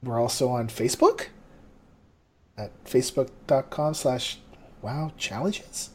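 A man's voice: medium pitch, measured pace, husky. A man co-hosting a podcast, rambling through a casual sign-off with frequent laughs and self-deprecating asides. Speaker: podcast co-host.

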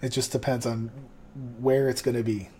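A man co-hosting a podcast in a loose, chatty sign-off. He laughs often, rambles, and pokes fun at himself. His voice sits at an everyday middle pitch. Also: level tone, normal speed, darkish tone, slight background noise. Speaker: podcast co-host. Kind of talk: casual podcast sign-off chat.

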